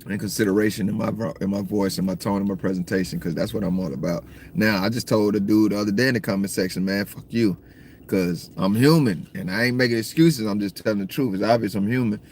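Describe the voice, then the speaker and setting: A man from the States, rambling through a casual livestream chat, slangy and cursing freely while he shouts out viewers. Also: lowish voice, a little hiss or hum. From Southern United States. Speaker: livestream host. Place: in a car at times.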